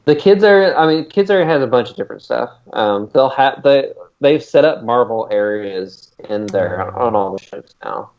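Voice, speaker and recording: A man's voice: medium pitch, moderate pace, few pauses. A man co-hosting a podcast, chatting casually and rambling with lots of fillers. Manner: rambling, many "uh" fillers, excitable. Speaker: podcast co-host. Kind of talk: casual chat. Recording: dull lo-fi sound.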